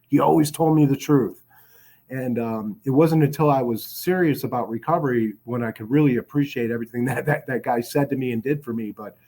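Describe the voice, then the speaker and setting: A man's voice: mid-range voice, darkish tone. A man from Chicago telling his recovery story in a casual, rambling way, with many restarts and fillers.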